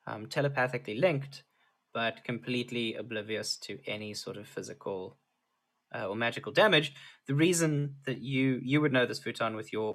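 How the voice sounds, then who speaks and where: A man narrating as dungeon master for a tabletop game, pausing often with fillers and restarts. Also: mid-range voice, a bit bright. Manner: halting, filler-heavy narration.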